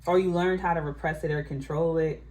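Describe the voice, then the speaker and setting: A woman talks her viewers through a tarot spread in a relaxed, musing way, often thinking aloud with "I feel like". Her voice sits somewhat low for a woman. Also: brisk. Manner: chatty, musing, frequent "I feel like". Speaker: tarot reader. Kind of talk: casual psychic reading to camera.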